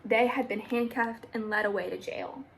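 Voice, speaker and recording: Young woman reading a children's story, gravelly. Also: a little high, normal speed, slight background noise, low-quality recording. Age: young adult. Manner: steady, plain storytelling. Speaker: storybook reader. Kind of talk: reading a children's book aloud.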